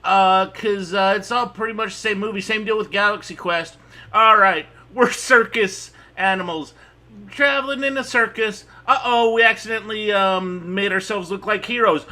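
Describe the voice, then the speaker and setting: A man's voice: high-pitched, moderate pace, sharp tone. A man voicing a goofy little male bug with a put-on Canadian accent, rambling and panicky with jokey asides. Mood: chatty. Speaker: improv performer.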